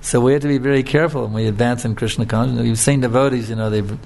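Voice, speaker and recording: Man, sermon, conversational storytelling, frequent filler tags, mid-pitched voice. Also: steady tone, rapid-fire, vocal fry, a little mellow. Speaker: preacher.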